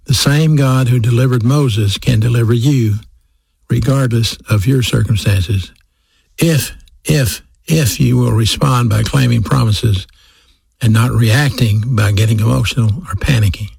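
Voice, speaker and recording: A man's voice: mid-range voice, unhurried, gravelly, a little mellow, husky, no echo. A man preaching a sermon, speaking straight to his listeners and repeating key phrases for emphasis. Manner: addresses listeners directly.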